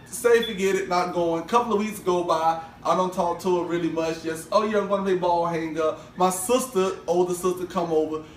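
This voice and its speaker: A man's voice: high voice, slight background noise. A young man co-hosting a casual podcast, telling a long story and acting out every quoted voice. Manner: animated, acts out every quoted voice. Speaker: podcast co-host. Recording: roomy, distant mic with faint ambience.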